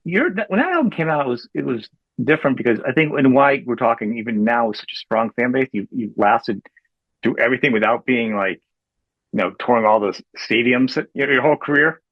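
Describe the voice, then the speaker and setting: A man's voice: medium pitch, expressive, no echo, dull audio. A male podcast host talking enthusiastically and rambling through restarts while praising his guest's music. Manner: rapid, rambling, enthusiastic fan talk with many restarts. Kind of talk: casual interview.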